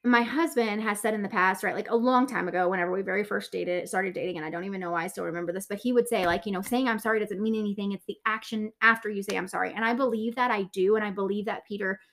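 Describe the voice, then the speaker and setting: A woman's voice: steady tone, fast, hardly any pauses, a bit bright. A young woman giving a casual Bible talk, chatty and filler-heavy, often asking "right?". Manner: acts out quotes in a lower voice. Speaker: Bible teacher.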